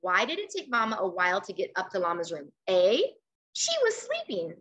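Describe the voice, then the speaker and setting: A woman teacher reading a picture book aloud to children over a video call, expressive and coaxing, pausing to ask questions. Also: fairly low pitch.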